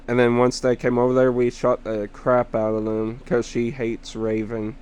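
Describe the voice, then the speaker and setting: In a clean, mid-range voice, a young gamer vlogger casually spins slow, rambling stories about his sister and a game partner, laughing softly as he goes.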